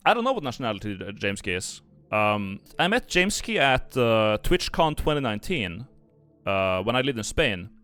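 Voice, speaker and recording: Rambling Norwegian man with lively pitch. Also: moderate pace, clean tone. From Norway. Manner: rambling, restarts, many "like" fillers. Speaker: streamer. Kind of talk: casual stream commentary.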